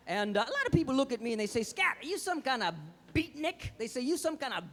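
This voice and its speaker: A man's voice: extremely high pitch, very animated, quick pace, a bit bright, full character voice. A man doing a jive-talking beatnik poet. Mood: hip jive. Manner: jive hipster patter, theatrical poetry delivery. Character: hip male beatnik poet in a fez. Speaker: stage comedian. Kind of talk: live stand-up character act. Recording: live stage with reverb, music and audience.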